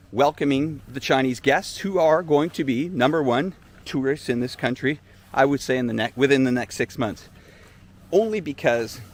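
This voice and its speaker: A man hosting a live-stream tour, chatting in an animated, storytelling way from outdoors at a beach resort. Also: medium pitch. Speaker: vlogger host.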